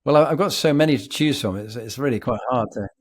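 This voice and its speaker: Brief: posh British male guest, vivid anecdotal storyteller, mid pitch. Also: fast talker. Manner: reflective, vivid, animated storyteller. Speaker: podcast guest.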